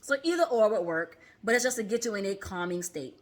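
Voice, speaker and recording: In a casual how-to vlog, an expressive woman therapist and mindfulness coach talks to her viewers. She breathes deeply aloud as a demonstration and frequently pauses to ask "okay?"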